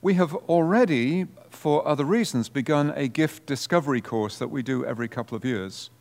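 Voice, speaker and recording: A man, a parish priest, giving an informal workshop presentation in a conversational way, with relaxed asides. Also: medium pitch, normal speed, gravelly, long reverb tail.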